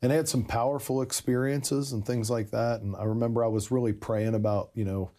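A man telling the story of his conversion in a casual interview, animated and self-interrupting, full of asides. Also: medium pitch, fairly quick.

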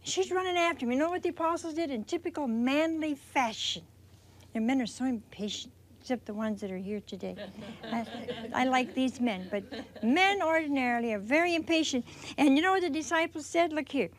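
A woman teaching scripture in a folksy, animated storytelling manner, acting out the quotes she tells. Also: high voice, a little fast. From Italian heritage. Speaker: religious teacher. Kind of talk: televised sermon talk.

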